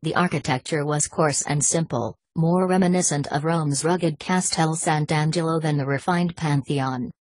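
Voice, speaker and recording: A woman narrating an audiobook in a measured, steady reading voice. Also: deep voice, dry recording.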